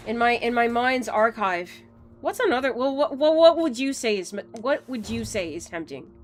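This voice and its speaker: A woman's voice: a little high, lively intonation, normal speed, faint music behind. A woman streaming a game, rambling and joking as she plays, swearing freely and laughing often. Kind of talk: casual live-stream commentary while playing.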